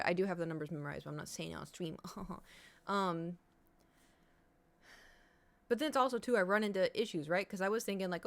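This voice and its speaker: Speaking briskly in a mid-range voice, this female streamer wanders from topic to topic in loose chat with her audience. She's restless and curses casually along the way.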